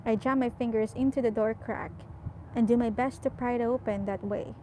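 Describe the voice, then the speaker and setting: Woman reading a novel, slightly high voice. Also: slight background noise, poor audio. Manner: measured, softly expressive storytelling. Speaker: audiobook reader.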